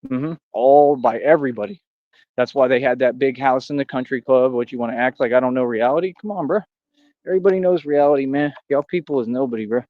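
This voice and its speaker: A man's voice: mid-range voice, fast talker, narrow, tinny audio. A man in a rambling livestream rant, boastful and combative, talking straight at his critics. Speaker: streamer.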